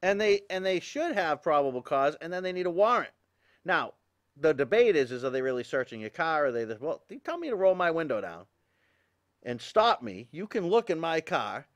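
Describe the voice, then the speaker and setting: Male local-TV host, slightly high voice, worked-up ranting delivery. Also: big pitch swings, normal speed. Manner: agitated, ranting, with exasperated laughs. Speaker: talk show host. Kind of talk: opinion commentary.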